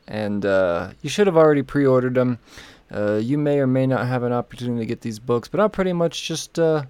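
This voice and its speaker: Gravelly man rambling through comic news. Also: medium pitch, a little mellow, no room sound. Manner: loose, profane and rambling, sipping vodka. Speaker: comic book podcast host. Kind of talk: casual solo podcast rundown.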